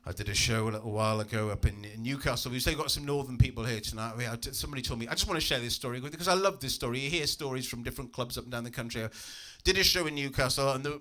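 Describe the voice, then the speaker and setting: A man performing a stand-up comedy routine in a club, animated and acting out voices. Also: rapid-fire, few pauses. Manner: animated, acts out voices with big pitch jumps. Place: comedy club stage with audience.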